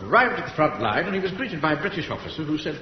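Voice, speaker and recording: An actor playing a pompous, self-important middle-aged captain in a radio sitcom. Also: male voice, on the high side, very animated, very fast. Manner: pompous, brusque. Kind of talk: 1970s radio sitcom acting. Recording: echoey hall, dull radio recording, loud hiss.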